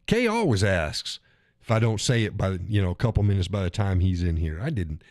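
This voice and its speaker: Low-voiced middle-aged man chatting, dry sound. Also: very animated, fairly quick, a little mellow, dry recording. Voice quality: chuckles often while talking. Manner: rambling, restarts and repeats phrases. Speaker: live stream host. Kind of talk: casual solo chat.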